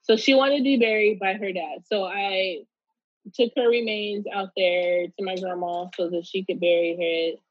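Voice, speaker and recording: A woman's voice: mid-range voice, fairly even intonation, unhurried, highs cut off. A woman guest in a casual interview, telling a personal story in a loose, candid way with many fillers and restarts.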